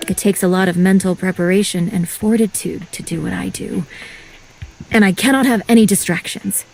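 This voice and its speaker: Woman as a reclusive, formal female object in a game; stiff and measured delivery, faint music under. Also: mid-range voice, vocal fry, a little mellow, natural voice. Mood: stern. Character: reserved, formal female household object who prizes solitude. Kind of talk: video game voice acting.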